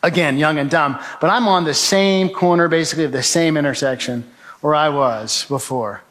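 A man giving an earnest spoken testimony to an audience, telling his story and acting out his own shouts. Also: a little high, normal speed.

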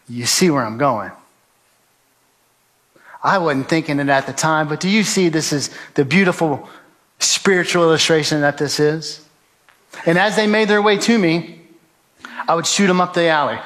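A man with a somewhat high voice tells a gripping personal story to an audience. He speaks earnestly and acts out what he shouted at the time. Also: moderate pace, long pauses. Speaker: speaker telling his survival story. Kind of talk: testimony talk to an audience.

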